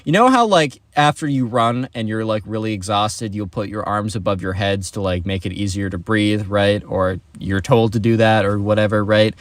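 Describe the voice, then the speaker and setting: A young man telling a story in a casual, animated vlog style, with lots of chatty fillers. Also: on the low side, normal speed, hardly any pauses, dry recording.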